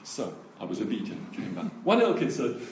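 Male preacher, lively storyteller with big swings in pitch; recorded off-mic in a reverberant room. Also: a little fast, gravelly, slight background noise. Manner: animated storytelling, acting out quoted voices. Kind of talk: testimony story in a sermon. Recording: echoey room, voice from a distance.

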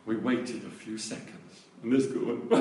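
A man preaching, telling a testimony story with animated delivery and acted-out voices. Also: medium pitch. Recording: echoey room, voice from a distance.

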